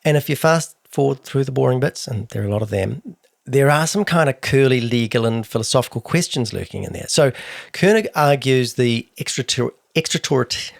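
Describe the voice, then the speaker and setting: A man's voice: mid-range voice, lively intonation, fairly quick, creaky, no room sound. A man with a New Zealand accent co-hosting a true crime podcast, telling the story with dry, wry asides. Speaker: podcast co-host.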